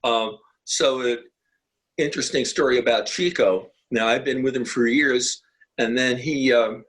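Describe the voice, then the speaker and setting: A man's voice: medium pitch, a little slow, fairly bright tone, slightly rough, low-quality recording. An older man, a guest musician, telling long rambling anecdotes in a casual interview. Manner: rambling, anecdotal, many restarts. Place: home, video call.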